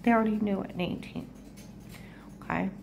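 Woman ranting to camera, keeps circling back, pretty monotone, middle pitch. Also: fairly quick, creaky, a little hiss or hum, poor audio. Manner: rambling, repetitive and agitated. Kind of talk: personal monologue to camera.

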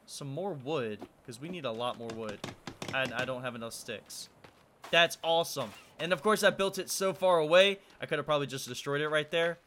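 A man's voice: on the high side, bright, forceful tone, a little hiss or hum. A young man hosting a let's-play video, nervously talking to himself as he plays. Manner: nervous, talks to himself while playing. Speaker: gaming video host.

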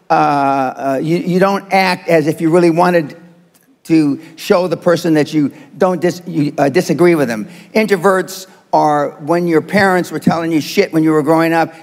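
Gravelly older man lecturing bluntly. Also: fairly high pitch, in a large hall. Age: 70s. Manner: blunt, provocative, with many fillers. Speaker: motivational speaker. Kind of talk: speech to a live audience.

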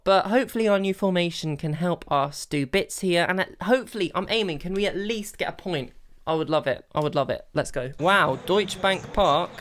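A young man commentating his own football video game, bursting into exasperated shouts and then settling into calm planning. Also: sits high, clean tone. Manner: excitable, swings between exasperated outbursts and calm planning. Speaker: gaming video creator. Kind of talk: live gameplay commentary.

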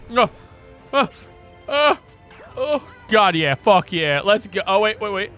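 A young man commenting on a video game as he plays, excitable and prone to loud, swearing outbursts. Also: sits high, slow, long pauses. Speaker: gaming streamer. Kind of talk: let's play commentary. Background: game music.

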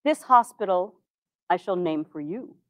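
Brief: woman doing a gentle, teasing older 1860s president, lowered and soft. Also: lively intonation, measured pace, no echo. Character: kindly wry 1860s male president, older.

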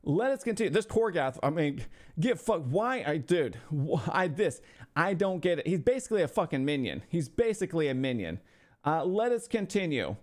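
High-voiced profane ranting man. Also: sing-song, normal speed, darkish tone. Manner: sarcastic, talks back to imagined hecklers. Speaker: streamer reviewing a viewer's game roster. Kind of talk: mock-insulting livestream commentary.

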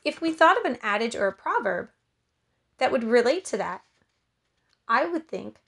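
A woman teacher giving a recorded lesson to schoolchildren and reading a story aloud in a clear, patient way. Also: a little high, sing-song, moderate pace, long pauses, a bit bright.

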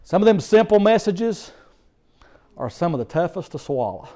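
A middle-aged male preacher tells his story with animated, emphatic repetition. His voice sits high for a man. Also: moderate pace. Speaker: guest preacher. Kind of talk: storytelling sermon.

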